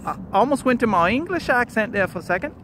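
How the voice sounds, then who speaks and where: A man's voice: extremely high pitch, lively intonation, quick pace, background noise. A man giving playful, jokey running commentary while riding along a nature preserve trail outdoors. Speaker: vlogger.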